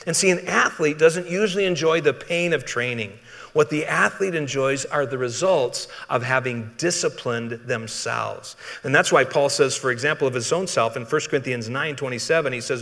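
A man's voice: medium pitch, normal speed, creaky, pushed and bright. A male pastor delivers a sermon in a conversational way, putting questions to his listeners. His voice sits in the middle range for a man. A long reverb from the hall trails each phrase. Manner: conversational, asks the congregation questions.

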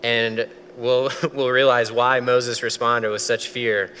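Male pastor, sermon, animated, mid-pitched voice, long hall reverb. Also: slow, a little hiss or hum. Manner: animated, acts out voices in quotes.

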